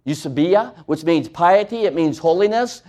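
Preacher, male, high-pitched, impassioned sermon that drops to near-whispers. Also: animated, normal speed. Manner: impassioned preaching that swings from loud to hushed.

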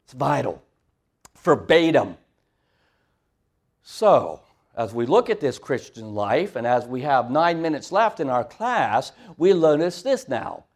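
A preacher giving a conversational sermon, asking the congregation questions. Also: male voice, mid-range voice, very animated, takes it slowly.

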